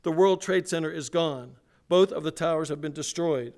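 A man's voice: a little high, moderate pace, darkish tone, voice pushed up, close to an everyday voice. A man preacher reading aloud the words of a frightened male airline passenger on an emergency call, in an urgent, pressed way. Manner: urgent, pressed, raised read-aloud delivery.

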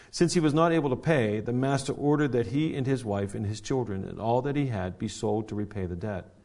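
A man preaching a sermon in a conversational way, with frequent restarts and direct questions to the congregation, growing emphatic at key points. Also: medium pitch. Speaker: pastor.

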